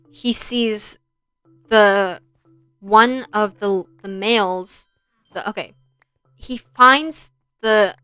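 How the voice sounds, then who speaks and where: A woman's voice: medium pitch, pushed and bright, smooth, dry recording. A young woman streaming, casually retelling a story in a rambling, easily sidetracked way.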